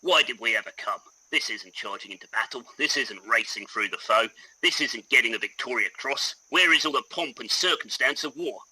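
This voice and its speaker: Weary young Australian trooper voiced by a man, lamenting, husky and bright. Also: medium pitch, animated, a little fast, no room sound, full character voice, poor audio. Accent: put-on Australian. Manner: reading a quote aloud, rising lament.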